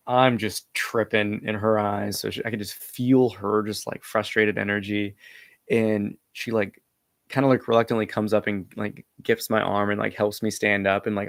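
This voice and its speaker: Young male storyteller, casual and meandering, husky fry, dry close sound. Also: on the low side, dry recording. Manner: rambling, heavy filler words, hesitant restarts. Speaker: vlogger.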